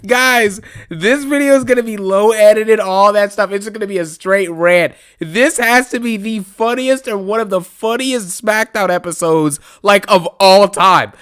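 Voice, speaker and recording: High, clear-voiced man ranting and laughing. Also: moderate pace, few pauses. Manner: laughing often, animated, chatty fillers. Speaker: wrestling reaction YouTuber. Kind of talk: casual unscripted rant.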